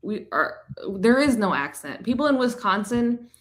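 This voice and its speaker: A woman from Michigan, co-hosting a casual live chat, chatty and quick to laugh. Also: on the high side, sing-song. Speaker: stream co-host.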